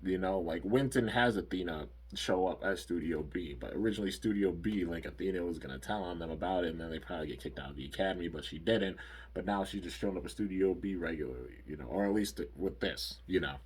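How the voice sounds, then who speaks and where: A man's voice: deep voice, fast, breathy edge. A man giving a casual, rambling recap of a cartoon episode, full of "like" and "you know". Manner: rambling, filler-heavy, frequent "like" and "you know". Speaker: anime episode reviewer.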